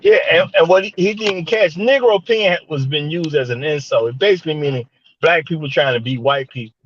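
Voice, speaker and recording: A man's voice: a little high, a little fast, muffled recording. A man co-hosting a casual online panel talk, speaking in loose slang and often starting with "my thing is". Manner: conversational, repeats "my thing is", slang-heavy. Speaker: podcast co-host.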